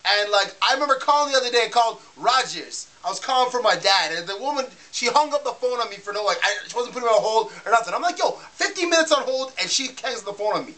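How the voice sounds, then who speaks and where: A man's voice: very high-pitched, animated, quick pace, hardly any pauses, bright, forceful tone. A man ranting to camera in a casual vlog, heated and fired up, stumbling and restarting his sentences as he gets worked up. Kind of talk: casual rant.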